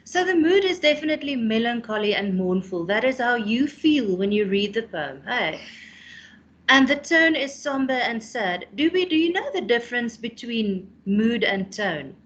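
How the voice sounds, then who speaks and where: A woman's voice: on the high side, big pitch swings, normal speed, lo-fi sound. A South African woman teaching a class online, explaining a poem and often ending with "hey?".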